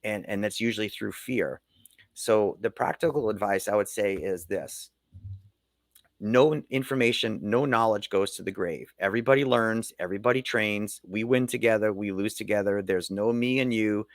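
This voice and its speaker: A man's voice: on the low side, moderate pace, no room sound, studio quality. A middle-aged man, a leadership coach, speaking earnestly and motivationally in a podcast interview.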